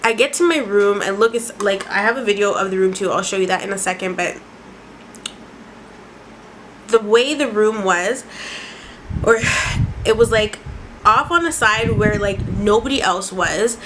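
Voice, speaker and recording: Young woman in her twenties from Canada, casual storytime vlog, profane and dramatic, mid-pitched voice, faint hiss behind. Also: moderate pace, a bit bright, low-quality recording. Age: 20s. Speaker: vlogger.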